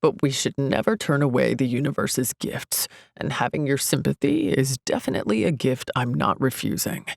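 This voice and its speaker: A woman's voice: a bass voice, lively intonation, normal speed, gravelly, few pauses, no room sound, clean studio sound, exaggerated voice. A woman doing a glib self-help guru man. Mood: smug. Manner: breezy, spouts platitudes. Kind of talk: audiobook character voice.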